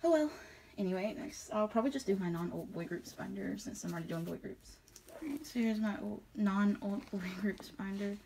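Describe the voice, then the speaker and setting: A woman's voice: medium pitch, expressive, a little fast, vocal fry, a little mellow, a little hiss or hum. A young woman, chatting in a casual, rambling way as she organizes her photocards. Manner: rambling, emotional, giggly. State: tearing up. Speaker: vlogger.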